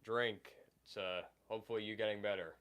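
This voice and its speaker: A man recovering from illness hosts a casual live stream, reading chat in a rambling, hesitant way full of fillers. His voice is lowish and fairly bright, with fairly even intonation at normal speed.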